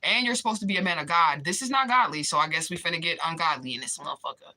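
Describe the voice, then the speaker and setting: A woman with a very bright, forceful voice chats on a livestream, answering viewer comments head-on. She is blunt and profane, laughs often, and stretches some words out in a slow drawl. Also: fairly low pitch. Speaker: livestream vlogger reading chat comments. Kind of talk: casual livestream chat.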